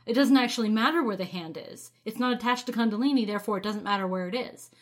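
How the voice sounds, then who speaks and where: Casting: American woman, fairly high voice, casual podcast co-host, explains things at length. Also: quick pace. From United States. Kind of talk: casual film discussion.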